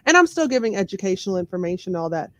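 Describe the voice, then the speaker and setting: A woman's voice: medium pitch, sing-song, very fast, dry recording. Outspoken Southern woman, dry close sound. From Memphis, USA. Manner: candid, outspoken, emphatic. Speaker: podcast guest, lawyer and comedian. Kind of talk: casual interview talk.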